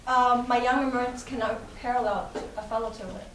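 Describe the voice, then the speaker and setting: Teen girl reciting lines haltingly. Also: on the high side, steady tone, a little hiss or hum. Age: teens. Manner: halting, with fillers and restarts. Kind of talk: student stage performance. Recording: echoey room, distant mic.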